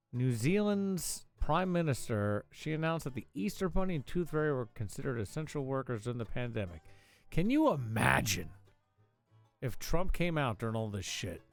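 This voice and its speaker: A man hosting a live call-in talk show, riffing on news headlines with sarcastic, profane, mocking asides. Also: mid-range voice. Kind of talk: casual comedic news riff.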